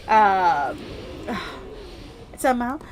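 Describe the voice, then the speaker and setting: A woman's voice: mid-range voice, expressive, extremely slow, highs cut off, slight background noise. A woman streamer giving casual, rambling gameplay commentary full of fillers. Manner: chatty, rambling, with many fillers.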